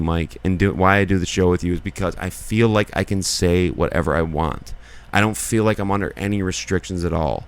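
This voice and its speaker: Low, smooth-voiced man rambling earnestly. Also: a little fast. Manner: rambling and earnest, many filler likes. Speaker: podcast co-host. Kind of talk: casual chat.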